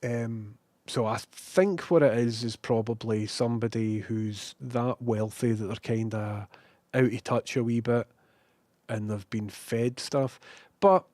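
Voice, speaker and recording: A young Scottish man in his twenties or so rambles through a casual livestream at a measured pace, reading out viewers' chat and cursing freely at himself. His pitch is ordinary for a man, and his manner is sweary, self-mocking and animated. The recording is dry and close-miked.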